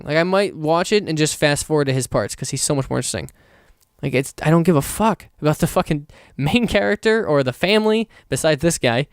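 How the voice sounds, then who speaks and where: A man's voice: on the high side, animated, fast talker, clear, resonant tone, no echo, studio quality. A young man hosting a solo podcast, rambling casually with lots of fillers, restarts and swearing. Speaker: podcast host.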